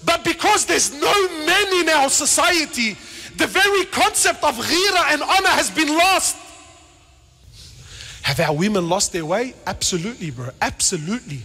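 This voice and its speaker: A man preaching a passionate sermon, swinging between shouted questions and quiet asides, with Arabic words and casual slang mixed into his speech. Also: extremely high pitch, animated, normal speed, gravelly. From Lebanon. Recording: reverberant hall.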